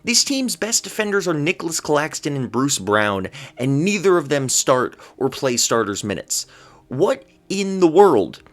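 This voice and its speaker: A man's voice: on the high side, big pitch swings, normal speed, few pauses, a bit bright. A man vlogging basketball commentary in a solo rant, exasperated and incredulous, firing off rhetorical questions and stammering when flustered.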